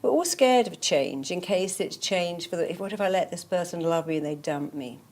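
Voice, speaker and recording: A woman's voice: fairly low pitch, animated, moderate pace, a little mellow. A woman therapist talking in an interview, emphatic and repetitive, telling stories and repeating affirmations. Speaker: therapist guest. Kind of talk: motivational interview talk.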